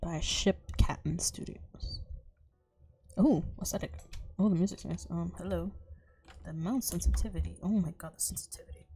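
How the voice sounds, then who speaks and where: Low, mellow-voiced woman gamer. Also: steady tone, normal speed, gravelly, faint music behind. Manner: chatty, swears freely, often drops to a whisper. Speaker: streamer playing a horror game. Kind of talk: casual let's-play commentary.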